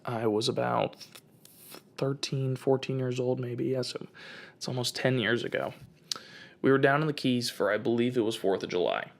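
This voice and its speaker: A man in his twenties with a gravelly, fry-edged voice at a middling pitch. He hosts a casual comedic rant and rambles through his anecdotes with lots of fillers. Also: moderate pace. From United States. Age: 20s. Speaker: host.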